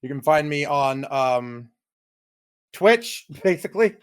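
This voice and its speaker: A man's voice: a little high, animated, takes it slowly, smooth. A man guesting on a podcast in casual chat, offhand and laid-back.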